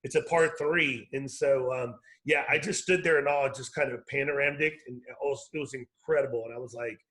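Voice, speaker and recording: A man's voice: medium pitch, fairly even intonation, fairly quick, fairly bright tone, rough recording. Rambling, self-correcting man on a call. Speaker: educator, organization founder. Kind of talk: casual video call conversation. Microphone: video call.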